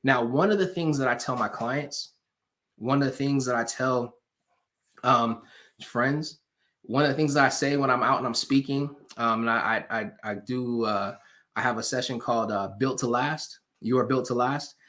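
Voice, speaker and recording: A man giving an animated motivational talk to a live online audience, preacher-like, repeating phrases for emphasis and asking viewers for hearts and comments. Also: mid-range voice, moderate pace. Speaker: motivational speaker.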